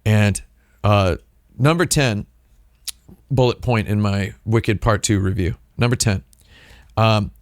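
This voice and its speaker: A man's voice: lowish voice, slow pace, pauses often, no room sound, studio quality. A man hosting a casual livestream, rambling through a story with lots of fillers and restarts. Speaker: streamer host.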